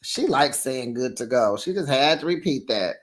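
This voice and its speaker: A woman's voice: a bass voice, expressive, normal speed. A woman hosting a casual reality show recap, chatty and gossipy, laughing often and calling listeners honey and child.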